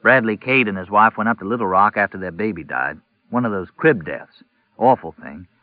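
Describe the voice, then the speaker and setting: A man's voice: fairly low pitch, moderate pace, no echo, lightly acted. A man playing a folksy sick sheriff. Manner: folksy, drawling, a bit weary. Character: middle-aged rural sheriff, heavy and ill. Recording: tinny narrow-band audio.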